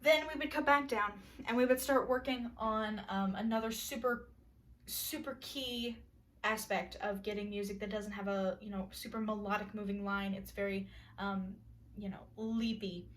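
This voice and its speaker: A young woman casually explaining vocal warm-up exercises in a music lesson, chatting with fillers and singing short solfege drills. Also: medium pitch, moderate pace, recorded from a distance. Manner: relaxed and conversational, many fillers, breaks into sung solfege drills. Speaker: music student presenting a class project. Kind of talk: casual spoken lesson with sung demonstrations.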